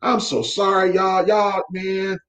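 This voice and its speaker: A man running his company's weekly motivational talk from home, speaking fervently like a preacher and breaking into shouts. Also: high voice, little pitch movement, takes it slowly, roomy sound. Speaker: real estate company owner, host. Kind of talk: live faith-based motivational talk. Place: room at home. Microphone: camera mic.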